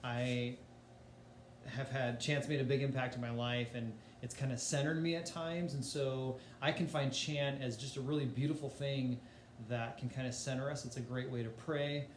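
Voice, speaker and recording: A man gives a casual music lesson in a loose, chatty way, with filler words along the way. His voice sits at an ordinary middle pitch. The room rings with echo, and a faint hiss stays under it. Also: fairly even intonation, normal speed. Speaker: music teacher.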